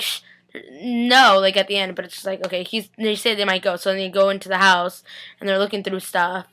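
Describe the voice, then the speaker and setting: A young woman chatting excitedly in a casual recap vlog, rambling with many fillers, filmed at home on a webcam. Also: medium pitch. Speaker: vlogger recapping a TV episode. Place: home during a family party.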